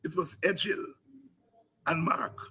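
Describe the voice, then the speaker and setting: A Guyanese man hosts a political commentary program with an impassioned, preaching cadence that builds into cries and shouts. His voice is husky, slow, and on the high side.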